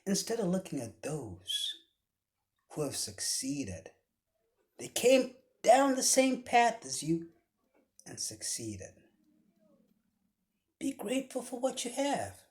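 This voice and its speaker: A man giving a motivational speech with a preaching cadence, often dropping his voice to a hushed whisper for emphasis. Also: high voice, huge pitch swings, takes it slowly, pauses often. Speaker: motivational speaker.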